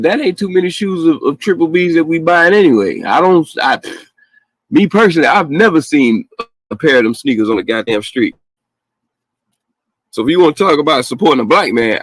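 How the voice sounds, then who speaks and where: A podcast host with a fairly high-pitched voice gets heated and profane in casual, opinionated chat, laughing often. The recording is dry and close-miked but low in quality.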